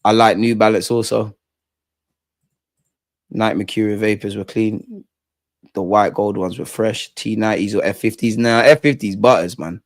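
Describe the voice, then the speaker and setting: A young man hosting a live football watch-along, blunt and slangy, chanting and shouting when his team scores. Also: fairly low pitch, fairly even intonation, moderate pace, long pauses, dry recording, clean studio sound.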